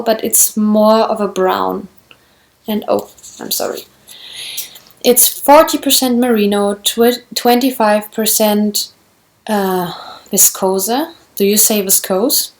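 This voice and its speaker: German lady talking slow on her knitting vlog, mid voice, lots of restarts, super excited about yarn. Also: medium pitch. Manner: chatty, restarts often, gushing over yarn. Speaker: knitting vlogger. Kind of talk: casual show-and-tell.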